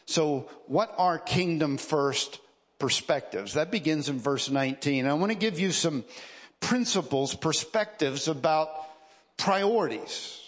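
A man's voice: on the high side, measured pace. A man preaching a sermon from the pulpit, emphatic and repetitive, driving his points home with rising stresses. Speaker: pastor. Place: church sanctuary. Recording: long reverb of a large hall.

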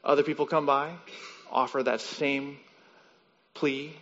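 A man's voice: level tone, slow pace, long pauses, a bit bright. A pastor preaching a sermon, teaching and sometimes acting out the voices in his stories. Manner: teaching, acts out story voices with rising pitch. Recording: muffled sound with long hall reverb.

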